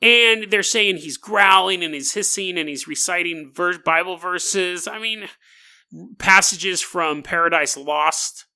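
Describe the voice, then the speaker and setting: A man's voice: high-pitched, a little slow, bright, forceful tone, smooth. A man hosting a comedic storytelling podcast, talking in a sarcastic, joking way and laughing often. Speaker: podcast host.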